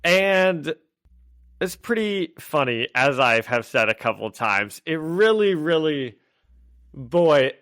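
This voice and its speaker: A man's voice: fairly high pitch, big pitch swings, takes it slowly, a bit bright, no echo, studio quality. A man co-hosting a podcast, recapping comic scenes at length with frequent laughter. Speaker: podcast co-host. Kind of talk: casual comic book discussion.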